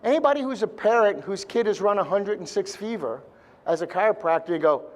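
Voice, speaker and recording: A man's voice: high-pitched, lively intonation, brisk. A man speaking live to a seminar audience, blunt and joking, with mild swearing.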